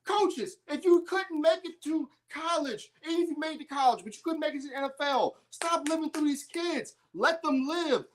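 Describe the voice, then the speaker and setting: A woman's voice: sits high, moderate pace, few pauses, slight background noise. A woman hosting an independent sports show, delivering a heated, emphatic opinion monologue.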